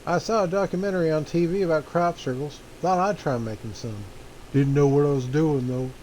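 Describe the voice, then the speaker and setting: A man's voice: on the high side, a little fast, a little mellow, a little hiss or hum, low-quality recording. A man casually commenting while he plays a flight simulator, laid-back and rambling, often chuckling. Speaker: streamer playing a flight simulator.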